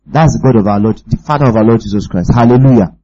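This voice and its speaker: Male preacher, warm husky voice, emphatic and probing, dull lo-fi recording. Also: lowish voice, quick pace. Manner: emphatic, keeps asking the audience if they follow. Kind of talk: sermon.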